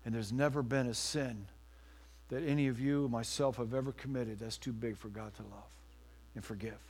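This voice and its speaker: A man preaching a sermon as pastor in a church, rising to loud emphatic lines and dropping to a hushed near-whisper. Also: mid-range voice, steady tone, normal speed.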